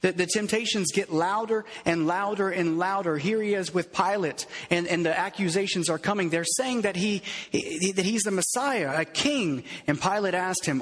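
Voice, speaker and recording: A man's voice: high voice, moderate pace, hardly any pauses, fairly bright tone, long reverb tail. A man preaching a sermon as a pastor, earnest, repeating phrases for emphasis, in a church.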